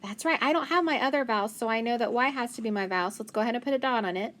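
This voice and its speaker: A woman's voice: a little high, very fast, a bit bright. A woman teacher leading a phonics lesson for young children, patiently sounding out words and praising answers.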